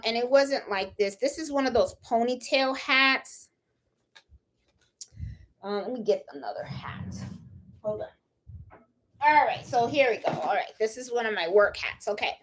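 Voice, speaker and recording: A woman's voice: sits high, slight background noise. A woman with a Puerto Rican accent hosting a casual live crafting tutorial, chatty and often checking in with "okay?" while she handles her tools. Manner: chatty, repeats "okay?" and "hold on"; laughs at her own fumbles while working. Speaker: crafting channel host.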